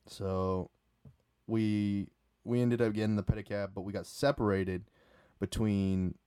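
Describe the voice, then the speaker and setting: A man's voice: fairly low pitch, steady tone, measured pace, warm tone, smooth, dry recording, clean studio sound. Rambling young man. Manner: rambling with frequent restarts and fillers. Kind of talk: casual storytelling.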